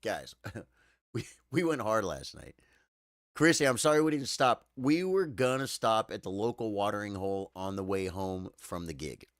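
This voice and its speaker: A man chatting live with his viewers, tired and choked up, halting and repeating words as he talks. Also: lowish voice, lively intonation, no room sound, studio quality. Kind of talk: casual live-stream chat.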